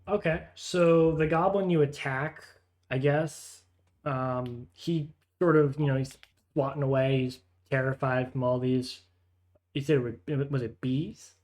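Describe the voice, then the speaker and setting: A man's voice: medium pitch, steady tone, a little slow, darkish tone. A man running a tabletop game as game master, narrating the scene in a rambling, amused way. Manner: rambling, amused, counts aloud while placing tokens.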